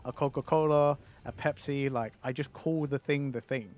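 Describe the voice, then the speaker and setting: A man's voice: mid-range voice, steady tone, normal speed, darkish tone. Casual chatty male streamer. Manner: chatty, reads viewer messages aloud. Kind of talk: casual livestream chat.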